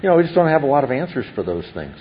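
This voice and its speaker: A man's voice: medium pitch, sing-song, very fast, lo-fi sound, a little hiss or hum. A man preaching a sermon as pastor, earnest and building to exclaimed wonder.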